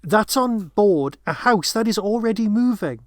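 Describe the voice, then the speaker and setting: A man's voice: high-pitched, animated, measured pace, no room sound. A man co-hosting a podcast, chatting casually about a film, rambling with many restarts and asides. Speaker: podcast co-host.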